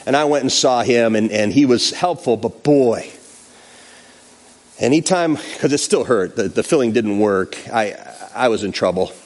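A male pastor with a medium-pitched voice shares something from his own life in the middle of his sermon. He talks at an ordinary pace and performs each quote with animated flair.

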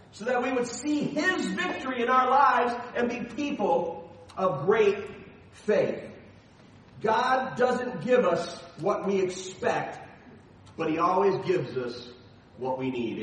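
A middle-aged man preaching a sermon as the pastor, telling personal stories with animated, self-deprecating humor. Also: high-pitched, slow pace, very echoey, far from the mic, rough recording.

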